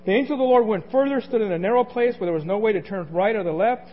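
A man's voice: high-pitched, rapid-fire. A man preaching a conversational sermon as pastor, asking the congregation questions and chuckling between points. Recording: dull lo-fi recording, faint noise.

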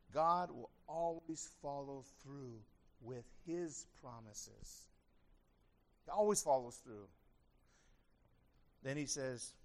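High-voiced man preaching earnestly. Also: slow, long pauses, pushed and bright. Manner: earnest, conversational preaching with rising emphasis. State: slightly strained throat. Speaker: pastor. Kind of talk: sermon.

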